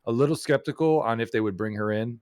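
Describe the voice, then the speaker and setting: A man's voice: mid-range voice, fast talker, a little mellow, dry recording, studio quality. A man hosting a podcast in casual chat, rambling and using lots of filler words. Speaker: podcast host.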